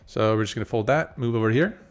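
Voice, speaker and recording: A man's voice: medium pitch, quick pace, soft background music. A man hosting a casual poker live stream, chatting easily with viewers while talking through his hands. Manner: laid-back, chatty, multitasking while reading chat. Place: in Las Vegas.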